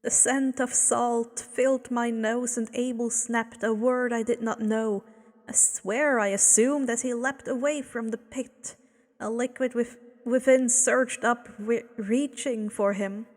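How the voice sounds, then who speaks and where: A woman reading a fanfiction story aloud in a slow, measured storytelling manner. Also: on the high side, fairly even intonation, long reverb tail. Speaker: fanfiction reader.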